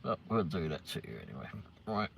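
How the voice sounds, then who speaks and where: A man's voice: sits low, big pitch swings, brisk, creaky, fairly bright tone. A man hosting a casual live stream, chatting to viewers by name and swearing freely. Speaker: livestream host. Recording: noisy, with vehicle noise behind.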